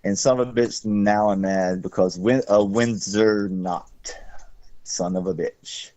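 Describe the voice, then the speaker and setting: A man's voice: fairly low pitch, fairly even intonation, measured pace, darkish tone, dry recording. A man hosting a podcast in casual, rambling chat, swearing freely and breaking off his own sentences. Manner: profane, rambling, self-interrupting. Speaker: podcast host. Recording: dull dry lo-fi sound.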